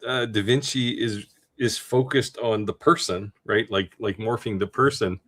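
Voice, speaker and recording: A man co-hosting a livestream in casual chat, animated and quick to laugh, explaining things at length. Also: on the low side. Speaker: livestream co-host.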